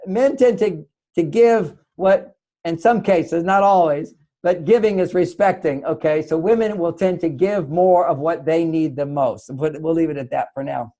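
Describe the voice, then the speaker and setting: Older man telling lively stories. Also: high voice. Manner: animated storytelling, acts out quoted voices. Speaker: guest author. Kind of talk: talk show interview.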